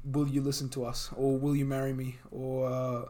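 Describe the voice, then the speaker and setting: Against a noisy background, a young man with a mid-range voice co-hosts a podcast at normal speed. The casual chat features his animated storytelling and frequent laughter.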